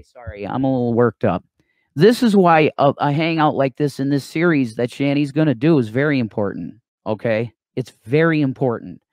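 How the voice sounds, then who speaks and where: A man's voice: mid-range voice, darkish tone, no echo, studio quality. Emphatic man on a live stream. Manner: emphatic, repeats "okay?" and "there you go". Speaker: co-host of a live call-in stream. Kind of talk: heated live stream talk.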